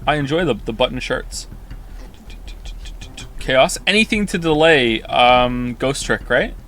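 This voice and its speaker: A man's voice: mid-range voice, lively intonation, takes it slowly, sharp tone. A man streaming live, chatting casually and reacting to viewer comments in a rambling way with frequent restarts.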